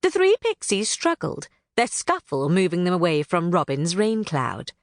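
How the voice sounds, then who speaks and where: A woman audiobook narrator with a lowish voice performs a children's book at a normal pace, lively and storytelling in style from a script. The recording is dry and of studio quality.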